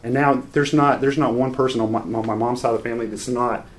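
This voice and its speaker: A man's voice: medium pitch, steady tone, quick pace. Earnest man preaching a sermon. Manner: earnest, unscripted, frequent restarts. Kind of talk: sermon with personal story.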